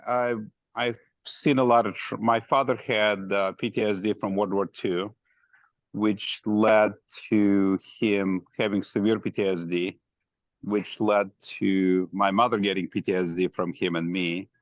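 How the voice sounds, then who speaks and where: A man's voice: lowish voice, steady tone, measured pace, no room sound, lo-fi sound. A man, a physician guest on a podcast, telling his story in a plain, matter-of-fact way. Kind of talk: interview answers.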